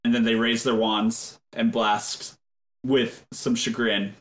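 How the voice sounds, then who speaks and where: A man narrating a tabletop game as game master in a relaxed storytelling way with fillers. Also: medium pitch, slow, roomy sound.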